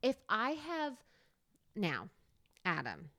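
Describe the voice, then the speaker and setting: Excitable woman chatting on a podcast. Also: medium pitch, takes it slowly, no room sound. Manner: emphatic, excitable, frequent "like". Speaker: podcast co-host. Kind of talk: casual chat.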